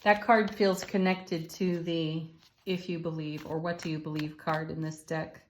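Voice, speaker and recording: A woman with a fairly low voice talks viewers through a tarot reading in an easy, encouraging way. She laughs softly now and then, and a faint hiss sits under her voice. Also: level tone, a little slow. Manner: soothing, encouraging, with soft laughs. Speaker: tarot reader. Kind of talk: intuitive card reading monologue.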